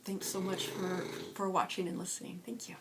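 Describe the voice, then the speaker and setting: A woman casually talking about her doll characters, hesitant with many pauses and restarts. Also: lowish voice, flat delivery, in a whisper. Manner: hesitant, many ums and restarts, soft laughs. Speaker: doll collector vlogger. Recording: audible background noise.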